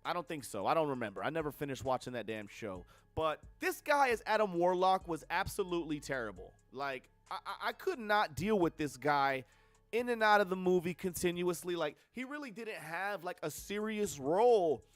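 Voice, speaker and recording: A man's voice: fairly high pitch, animated, normal speed, dry recording, soft background music. A young man giving a casual, profane film review on a livestream, blunt and full of slangy asides. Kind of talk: casual movie review rant.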